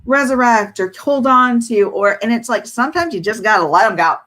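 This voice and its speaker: A woman's voice: fairly high pitch, expressive, a little fast, a bit bright. Affirming woman podcast host. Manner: affirming, encouraging, reflective. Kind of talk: casual chat.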